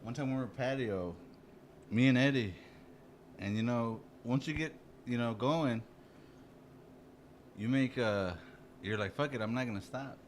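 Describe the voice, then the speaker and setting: A man's voice: mid-range voice, measured pace, pauses often, slight background noise. A man co-hosting a podcast, telling a drunken story in casual chat, rambling and profane, full of "you know" and restarts. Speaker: podcast co-host.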